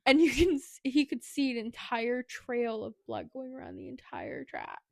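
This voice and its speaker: A woman's voice: a little high, very animated, moderate pace, vocal fry, a little mellow, slight background noise. A woman co-hosting a podcast, casually retelling a book's plot in a chatty way, with plenty of "like" and "anyway". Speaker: podcast co-host. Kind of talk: casual book recap.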